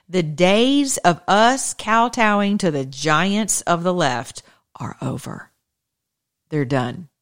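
A show host giving an impassioned political and religious call to action, fervent and preachy, stacking emphatic repeated phrases. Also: medium pitch.

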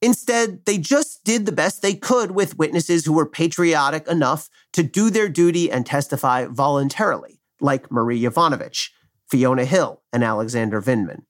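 A middle-aged man, a former prosecutor, reading an opinion commentary in a measured, wry, argumentative way. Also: a little high.

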